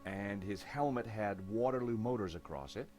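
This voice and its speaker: A man's voice: on the low side, moderate pace, darkish tone, faint music behind, lightly acted. An actor voicing a confident, wry adult male investigator in a video game.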